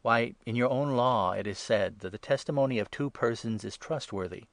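A man reading the words of Jesus as a solemn male teacher in a measured way, louder and higher on key phrases. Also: no room sound, natural voice. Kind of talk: scripture reading.

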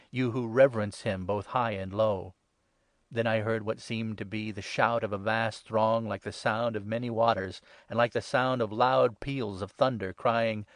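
A man's voice: mid-range voice, dry recording. Solemn man reading scripture, dry booth. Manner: measured, solemn, rising loudly for quoted cries. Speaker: scripture reader.

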